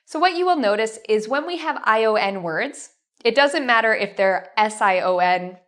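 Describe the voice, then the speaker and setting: A woman teaching a pronunciation lesson, stretching out model words slowly and clearly for learners. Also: fairly high pitch, expressive, fairly bright tone. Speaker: English teacher.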